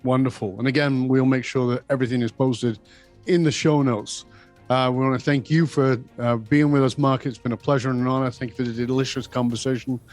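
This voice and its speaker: A man's voice: mid-range voice, steady tone, a little fast, a little mellow, faint music behind. A man hosting an interview podcast, courteous and formal in thanking his guest. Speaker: podcast host.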